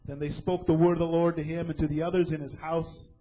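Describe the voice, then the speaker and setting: Man, preacher, sermon, high voice, breathy, dramatic, rhetorical questions. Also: level tone, fast, warm tone, soft background music, poor audio.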